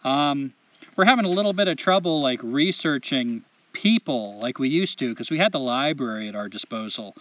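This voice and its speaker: In an animated, medium-pitched and slightly bright voice at normal speed, this male co-host chats casually on a podcast and goes off on blunt, profane rants. The recording is dry and distant, with the highs cut off.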